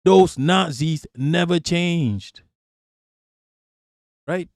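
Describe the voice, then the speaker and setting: A man streams a reaction rant in a fairly high voice, hammering his points and swearing constantly. He is recorded close and dry, with no room sound around him. His delivery is insistent and repetitive. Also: very slow, darkish tone, no room sound. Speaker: live-stream political commentator.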